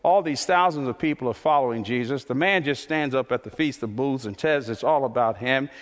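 A man preaching a sermon as pastor, impassioned and repetitive, his voice climbing toward near shouts. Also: medium pitch, fairly quick, long reverb tail.

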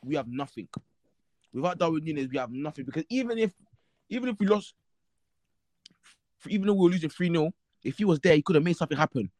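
A man's voice: a little high, expressive, quick pace, long pauses, darkish tone, no room sound. A young man on a casual football podcast, venting about his team with exasperated laughter and repetition. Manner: exasperated, laughing at himself, repeats himself. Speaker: podcast co-host.

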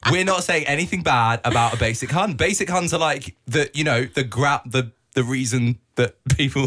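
A woman's voice: very deep voice, normal speed, fairly bright tone. A young woman co-hosting a casual podcast, teasing her friends and steering the conversation, laughing often. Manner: teasing, laughing, leads the segments. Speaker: podcast co-host. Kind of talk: casual chat.

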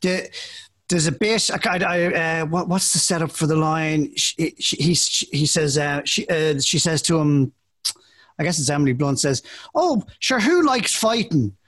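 A man's voice: fairly high pitch, steady tone, normal speed, a bit bright. An Irish man co-hosting a podcast, chatting casually about a film, with frequent restarts and laughing asides. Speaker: podcast co-host. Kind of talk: casual chat.

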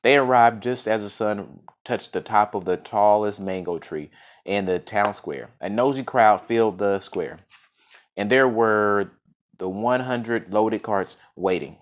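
Male storyteller with a lowish voice; casual read-aloud of a folk tale, some stumbles. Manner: unscripted-sounding reading with frequent restarts and fillers.

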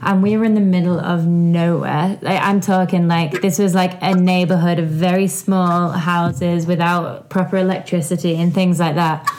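A woman's voice: lowish voice, steady tone, normal speed, few pauses, darkish tone. A woman chatting on a podcast, telling stories with lots of "like" and "um". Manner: chatty storyteller, filler "like" and "um". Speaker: podcast co-host. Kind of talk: casual podcast chat.

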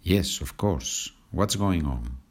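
A low-pitched man with a Spanish accent teaches a language lesson. He speaks slowly and patiently and sets each example sentence apart with care. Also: animated, darkish tone. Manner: slow and patient, switching between English and Spanish example sentences.

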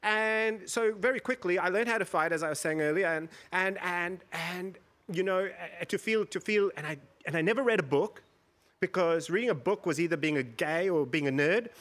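A man from India, middle-aged, sits on a panel in front of a live audience. His voice sits high for a man. He tells his story in an animated way, acts out the people he describes and laughs often. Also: normal speed. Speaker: panel guest. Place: stage before a live audience.

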